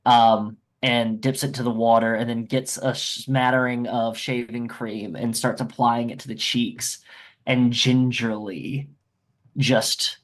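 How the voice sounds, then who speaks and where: A man narrating a scene in a tabletop game, halting with fillers. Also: mid-range voice. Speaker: player narrating his scene.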